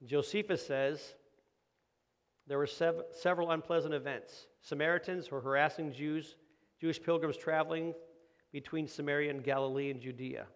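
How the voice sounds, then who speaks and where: A man's voice: fairly high pitch, steady tone, moderate pace. A middle-aged man preaching a conversational sermon, asking rhetorical questions and acting out quoted voices. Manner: acts out quoted voices of kids and parents. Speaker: pastor.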